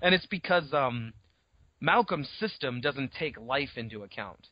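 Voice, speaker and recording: A man co-hosting a podcast, talking casually about a novel, swearing now and then and throwing in quick asides. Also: mid-range voice, animated, no room sound, dull audio. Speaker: podcast co-host. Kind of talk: casual book discussion.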